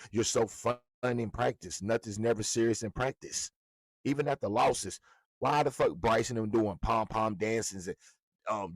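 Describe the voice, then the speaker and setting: A man with a fairly low voice, recorded dry, rants about a football coach as a sports commentator. His commentary is profane, mocking, and confrontational.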